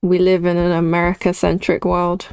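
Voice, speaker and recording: A young woman with a British accent talks through her drawing on a live art stream, answering chat and laughing often. Her voice sits a little low with a gravelly edge. The sound is dry and close. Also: completely flat delivery, moderate pace, a little mellow, no room sound. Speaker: artist streamer.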